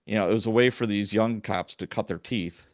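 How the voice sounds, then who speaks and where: Middle-aged ex-cop host: deep-ish voice, dry close mic, acts out every quote. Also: male voice, a little fast, no room sound. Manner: animated storyteller, acts out quoted dialogue. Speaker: podcast host, retired police sergeant. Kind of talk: casual storytelling interview.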